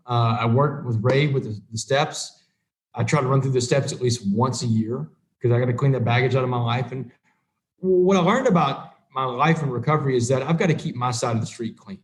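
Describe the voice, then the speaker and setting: A middle-aged man telling his recovery story to a group, earnest and plain-spoken, acting out the conversations he recalls. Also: mid-range voice. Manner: earnest storytelling, acts out quoted dialogue. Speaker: recovery speaker. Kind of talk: personal recovery talk to a group.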